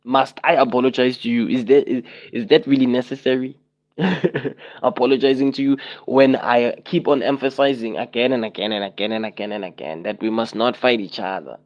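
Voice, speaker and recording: A man's voice: medium pitch, fairly even intonation, a little fast, highs cut off. A young man on a casual livestream, talking to his viewers and repeating himself in exasperated rhetorical questions.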